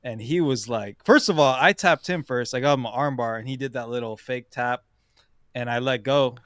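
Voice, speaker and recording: A man co-hosting a podcast, telling gym stories in casual chat, animated, swearing and acting out quotes. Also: mid-range voice, normal speed, dry recording, studio quality. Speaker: podcast co-host.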